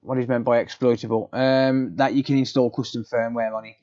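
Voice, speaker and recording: A man's voice: mid-range voice, flat delivery, fairly quick, mellow, dull audio. A man chatting casually on a live repair stream, explaining steps matter-of-factly with frequent ums. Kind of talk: casual live-stream chat answering viewers.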